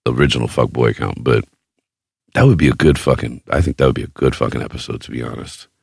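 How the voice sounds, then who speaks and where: A man hosting a podcast, telling a story in casual chat with a profane, boastful, animated way of talking. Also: a bass voice, quick pace, gravelly, slightly rough, dry recording, clean studio sound. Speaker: podcast host.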